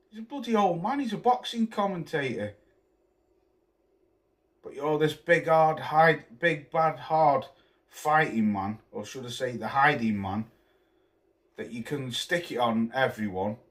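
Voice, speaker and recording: A man's voice: fairly high pitch, fairly bright tone. Scornful man ranting about boxing. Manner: scornful, swearing, name-calling. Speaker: boxing commentator vlogger. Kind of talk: angry rant to camera.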